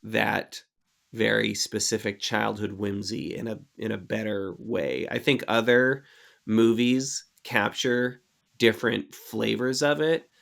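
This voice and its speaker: A man's voice: lowish voice, steady tone, slow, gravelly, fairly bright tone. A young man co-hosting a podcast, chatting casually and jokingly about a movie. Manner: joking, loose and irreverent. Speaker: podcast co-host.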